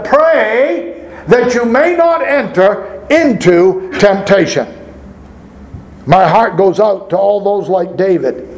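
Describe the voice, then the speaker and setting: A pastor, a man with a notably high-pitched voice, delivers a sermon. He reads scripture aloud and keeps turning to the congregation with rhetorical questions. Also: gravelly, a little mellow, poor audio.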